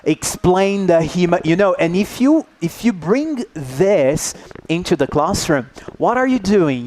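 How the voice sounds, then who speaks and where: With a high, slightly mellow voice and a little hiss or hum in the recording, a man runs an interactive teacher workshop, coaxing the audience along and tacking "yeah?" onto nearly every point.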